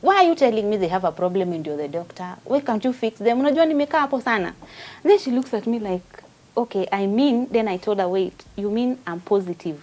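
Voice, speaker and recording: A woman's voice: fairly high pitch, big pitch swings, quick pace, darkish tone, rough recording. Kenyan woman telling her story. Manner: emotional storytelling, mixing Swahili and English. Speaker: guest. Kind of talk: personal testimony.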